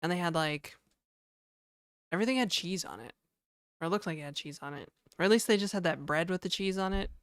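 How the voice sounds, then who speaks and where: A woman's voice: lowish voice, a little fast, pauses often, no echo, studio quality. A woman livestreaming from home, casually chatting and reading her chat aloud with easy laughs. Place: home in Toronto.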